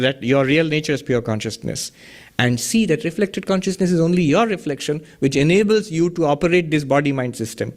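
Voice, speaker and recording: A man teaching a philosophy class with a voice set a little high. He builds his points step by step, posing rhetorical questions and dropping in Sanskrit terms. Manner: chuckles at his own wordplay. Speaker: teacher of a Vedanta study session. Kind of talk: philosophy lecture.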